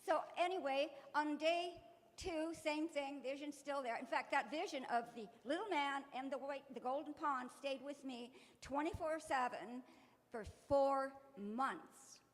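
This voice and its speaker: A middle-aged woman with a bright, high voice tells a spiritual story, animated and slipping into voices for the people in it. She then leads a guided meditation. Her voice rings with the long reverb of a large hall. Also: measured pace. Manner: animated, acts out dialogue with lively voices, often laughs. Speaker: spiritual speaker. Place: event hall.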